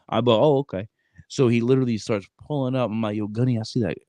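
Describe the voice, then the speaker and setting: A man in his thirties co-hosting a podcast, telling a story in animated, slang-heavy casual chat. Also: medium pitch, fast talker, dry recording. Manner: animated, streetwise slang, frequent "bro". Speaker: podcast co-host.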